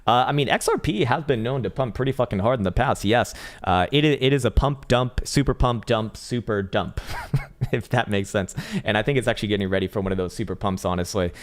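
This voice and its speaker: A man's voice: on the low side, fairly quick. A man hosting a casual crypto trading livestream, chatty and profane, reading chat and laughing often.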